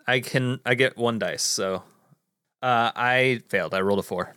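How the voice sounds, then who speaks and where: A man's voice: mid-range voice, moderate pace, sharp tone, clear, resonant tone, no room sound, studio quality. A man playing in a tabletop game, stammering and poking fun at himself. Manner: stammering, self-mocking. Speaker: player.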